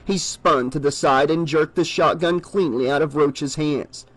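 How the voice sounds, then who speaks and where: Male horror audiobook narrator, measured and steady, slightly high-pitched. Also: raised voice, music in the background, poor audio.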